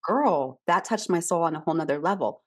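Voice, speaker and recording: Woman cohost with a low voice, chatty and animated, laughs a lot while telling stories. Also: brisk. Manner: animated storyteller, laughs often, many "like" fillers. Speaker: podcast co-host. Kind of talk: casual chat, personal storytelling.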